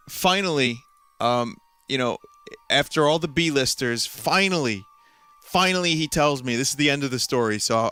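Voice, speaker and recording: A man tells a story casually on stream, rambling and restarting as he goes. His voice is bright and forward. Faint music plays in the background. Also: medium pitch, no echo. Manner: rambling with frequent restarts and asides.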